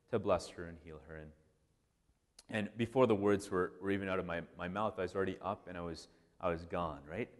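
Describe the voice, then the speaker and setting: A man, a priest, giving a casual, animated storytelling talk full of restarts and "like". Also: deep voice. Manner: animated, conversational, many restarts and "like". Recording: long hall reverb.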